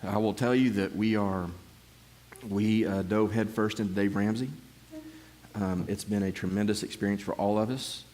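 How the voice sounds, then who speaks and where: A middle-aged man gives a personal testimony to a church congregation, telling the story in an animated way with many restarts and repeated words. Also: on the low side, moderate pace. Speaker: church member giving a testimony.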